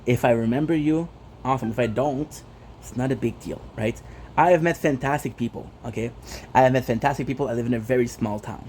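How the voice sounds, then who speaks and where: A man's voice: medium pitch, a little fast, a little mellow, a little hiss or hum. A man whose first language is French, hosting a gaming stream and bluntly ranting with frustration, swearing and repeating himself. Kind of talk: casual ranting vlog.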